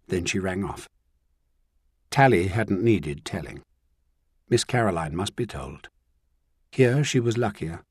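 Low, husky male audiobook narrator. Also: dry recording, studio quality. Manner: measured, even storytelling.

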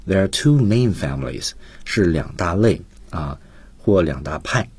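A man's voice: sits low, lively intonation, a little slow, a little mellow, husky, no echo. A man co-hosting a radio English lesson, patiently explaining vocabulary and stressing key phrases for students. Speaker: radio English teacher, co-host.

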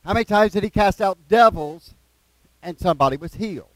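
Brief: male preacher, slightly high voice, folksy and repetitive, reads scripture with asides. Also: fairly quick, dry recording, rough recording. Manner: folksy, repeats phrases, asides between verses. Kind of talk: sermon with scripture reading.

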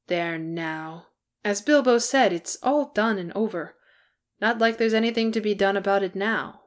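A woman voicing a kindly, burly male dwarf with a soothing, gentle manner in a storybook reading. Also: medium pitch, moderate pace, lightly acted.

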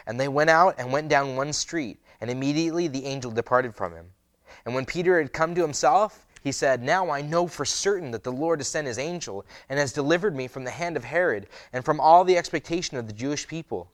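A male pastor preaching a sermon with a slightly high voice. He moves from measured scripture reading to an animated, casual retelling full of "you know" and "right?". The sound is close and dry, with little room echo. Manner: reads scripture then retells it animatedly with filler words.

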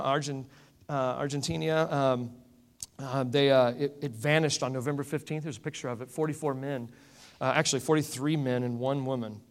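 High-voiced man preaching in a hall. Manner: animated storytelling, swings between loud and hushed. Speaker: pastor. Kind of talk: sermon. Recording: echoey hall.

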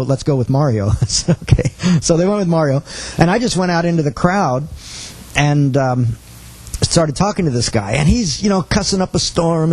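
A middle-aged man giving a sermon-style teaching talk with a husky voice, telling stories and acting out quotes earnestly. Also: fairly high pitch, darkish tone, poor audio. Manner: storytelling with acted quotes, earnest. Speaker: preacher.

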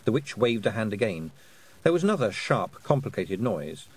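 A man reads a storybook aloud with an expressive, husky voice. His pitch moves a lot from phrase to phrase. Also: normal speed, poor audio. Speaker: audiobook narrator. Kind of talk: scripted narration.

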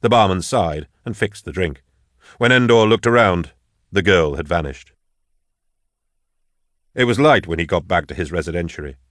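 Male narrator, low voice, measured reading, dry studio sound. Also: lively intonation, fairly bright tone, dry recording. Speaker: audiobook narrator. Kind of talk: scripted narration.

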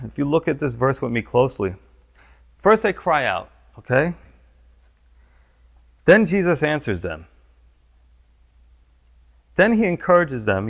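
A man's voice: a little high, vocal fry, highs cut off. A man preaching a conversational sermon as pastor, often asking the listeners questions. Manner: conversational, frequent "you know" and "right?".

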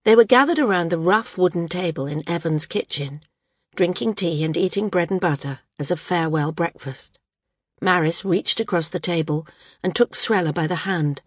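A woman narrating an audiobook in a calm, even storytelling manner. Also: fairly low pitch, normal speed, breathy edge, no echo, studio quality. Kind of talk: scripted narration.

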